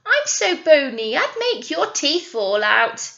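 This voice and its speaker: A bony middle-sized billy goat talks his way out of trouble, pleading and persuasive, as a woman acts him out. His voice is high and bright, with lively pitch. The sound is dull and lo-fi. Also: takes it slowly, gravelly, full character voice. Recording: dull lo-fi recording.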